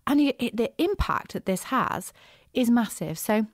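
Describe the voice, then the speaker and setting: A woman hosting a business podcast, chatty and animated, with frequent asides and restarts. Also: medium pitch, a little fast, few pauses, dry recording, clean studio sound. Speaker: podcast host, business coach. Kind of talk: casual solo podcast talk.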